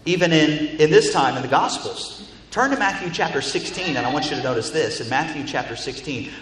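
Pastor, male, high voice, emphatic sermon delivery with repeated phrases, long church-hall reverb. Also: a bit bright, slight background noise. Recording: echoey hall reverb, faint ambience.

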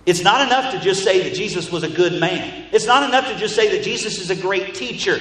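Pastor, male, high voice, emphatic sermon delivery with repeated phrases, long church-hall reverb. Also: animated, brisk, a bit bright, slight background noise. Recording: echoey hall reverb, faint ambience.

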